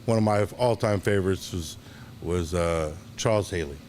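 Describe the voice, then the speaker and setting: Man, lower voice, casual storyteller, faint room hiss behind him. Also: normal speed. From Dallas, Texas. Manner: animated anecdotes, acts out quoted voices, hesitant restarts. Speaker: guest, longtime bartender.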